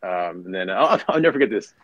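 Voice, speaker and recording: Speaking fast in a low voice, this middle-aged man, a retired Marine officer, is a guest on a podcast, where he animatedly recounts war stories, voices other people's lines, and swears offhandedly. His delivery is full of fillers and false starts, and the dry recording has its highs cut off.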